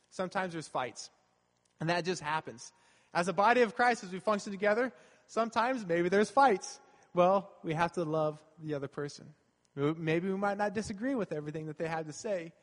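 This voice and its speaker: A man with a high voice preaches in an earnest, conversational way, going back over his main points. His voice carries a long reverb from a church hall. He sounds like a pastor talking straight to his congregation. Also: fairly quick. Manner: earnest and conversational, repeating key phrases. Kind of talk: sermon.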